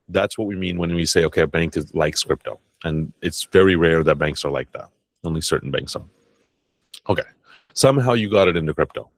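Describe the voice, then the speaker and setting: A man's voice: sits low, dry recording. A man teaching an online class on crypto and banking, talking casually and bluntly, swearing now and then and briefly acting out bank staff. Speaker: crypto tax educator. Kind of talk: casual masterclass talk.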